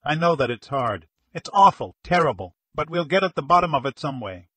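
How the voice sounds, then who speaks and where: A man voicing a gruff veteran police inspector who speaks in a firm, soothing way. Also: a little high, big pitch swings, fairly quick, fairly bright tone, heavily acted.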